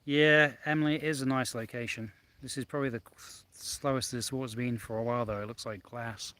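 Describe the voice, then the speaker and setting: A man's voice: mid-range voice, fairly even intonation, fairly quick, sharp tone, no echo. A man hosting a casual live stream outdoors by a lake, chatting and reading out viewer comments, filmed on a handheld phone. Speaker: vlog host.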